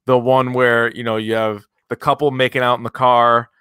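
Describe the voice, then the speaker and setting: Co-host, man, bright voice, dry close sound, eager chatter. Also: medium pitch, level tone, normal speed, clear, resonant tone, no echo. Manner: enthusiastic, swearing. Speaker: podcast co-host. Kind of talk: casual chat.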